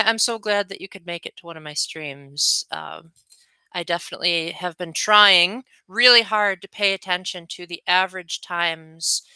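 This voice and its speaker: Young man, livestream chat, chatty and rambling, bright ringing tone, dry close mic. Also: high voice, clean tone, no echo. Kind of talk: casual livestream chat with viewers.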